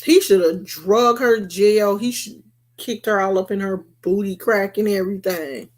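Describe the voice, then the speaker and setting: A woman's voice: mid-range voice, normal speed. A woman vlogger delivering a blunt, repetitive rant to her viewers. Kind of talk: emphatic rant to camera.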